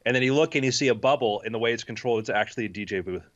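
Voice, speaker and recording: A man narrating a tabletop game as game master, describing scenes in a relaxed way. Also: medium pitch, rapid-fire, lo-fi sound.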